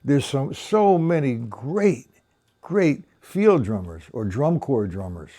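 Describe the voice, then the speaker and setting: A man's voice: mid-range voice, sing-song, slow pace, mellow. An older man teaching drums on a live stream, opinionated and rambling, counting beats aloud as he explains. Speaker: drum teacher. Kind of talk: live-streamed drum lesson.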